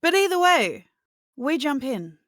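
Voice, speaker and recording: A woman's voice: high-pitched, very animated, unhurried, a bit bright, no echo. A woman runs a tabletop game, describing the action in a playful voice. Her sound is dry and close, with no room around it. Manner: playful, laughs often. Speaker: game master.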